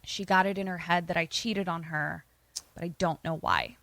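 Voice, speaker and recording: A woman voicing a brooding, jealous male ghost with a sullen, low mutter while retelling a film on a podcast. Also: fairly even intonation, moderate pace, gravelly, fairly bright tone. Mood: mournful. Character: brooding jealous ghost man, dead lover.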